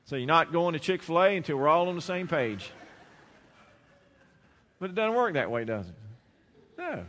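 A man preaching in a church, his bright, forceful voice sitting a little high for a man. He shifts from loud, emphatic declarations to low, intimate storytelling, and long reverb from the large sanctuary trails every phrase. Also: expressive, moderate pace, long pauses. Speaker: pastor. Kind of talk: sermon.

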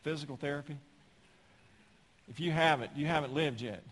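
Emphatic preacher with a ringing hall reverb. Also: male voice, a little high, normal speed. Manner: emphatic, rising to loud peaks, with folksy humor. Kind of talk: sermon.

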